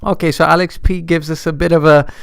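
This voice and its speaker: A man talking casually on a stock market livestream, his voice pitched a little high with a gravelly edge. He rambles and restarts phrases as he reacts to viewer comments. The tone underneath is clear and smooth. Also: flat delivery, brisk. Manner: chatty, loose and rambling, often restarts phrases while answering viewer chat.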